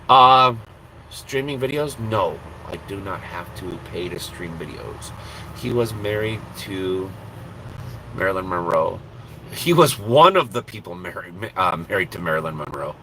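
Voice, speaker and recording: Deep and sharp-toned, the voice has lively intonation and a slightly slow pace, recorded in low quality with a bit of hiss or hum. A Minnesota man drives a truck and streams live from the cab, blunt, profane, self-deprecating and quick to laugh.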